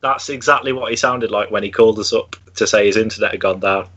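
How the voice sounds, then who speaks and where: A man's voice: fairly low pitch, quick pace, a bit bright, dull audio. Wry man on a podcast. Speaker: podcast co-host. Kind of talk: casual banter.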